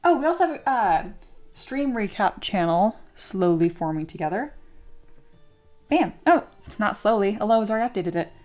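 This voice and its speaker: A woman's voice: medium pitch, sing-song, normal speed, darkish tone, soft background music. A woman hosting a casual livestream, chatting with her viewers, reading their comments aloud and cheering them on. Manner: upbeat and encouraging toward viewers. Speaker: livestream host and 3D sculptor.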